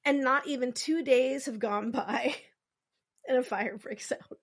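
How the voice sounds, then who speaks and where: Talkative woman co-host, slightly high, loose filler-heavy storytelling. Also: slow pace. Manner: rambling, lots of "like" fillers, acts out quotes. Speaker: podcast co-host telling a true story. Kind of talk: casual storytelling chat.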